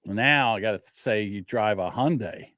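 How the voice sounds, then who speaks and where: A man's voice: lowish voice, normal speed, a bit bright, no room sound, studio quality. A man hosting a podcast, telling stories animatedly, acting out quotes and swearing freely. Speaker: podcast host. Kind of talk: casual chat.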